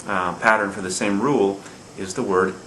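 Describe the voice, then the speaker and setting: Man, teacher, patient and repetitive, lowish voice, faint background hiss. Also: steady tone, normal speed, bright, forceful tone, roomy sound, low-quality recording. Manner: patient, repeats rules and checks with "okay?". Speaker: Spanish teacher. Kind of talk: recorded classroom lesson.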